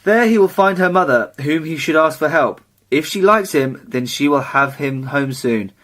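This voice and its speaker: A man's voice: a little high, animated, normal speed, fairly bright tone. A man co-hosting a casual podcast, reading a summary aloud with dry, teasing asides. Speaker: podcast co-host.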